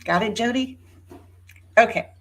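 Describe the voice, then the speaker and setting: Her pitch is fairly high and a bit bright, and she talks a little slowly. A woman in her fifties, this YouTuber directly names a rival in a rebuttal vlog, her tone indignant and sarcastic.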